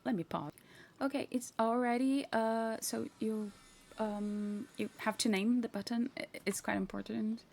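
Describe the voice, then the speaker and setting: A woman hosting a casual software tutorial, chatty and self-mocking, talking to herself as she clicks through. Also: a little high, unhurried, creaky, soft background music. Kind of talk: casual screen-share tutorial.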